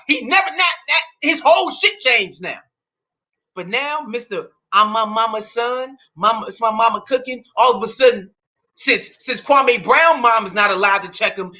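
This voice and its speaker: A man's voice: very high-pitched, lively intonation, normal speed, pushed and bright. A man in his thirties hosting a heated solo sports rant, indignant and profane, firing off rhetorical questions. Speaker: sports talk host.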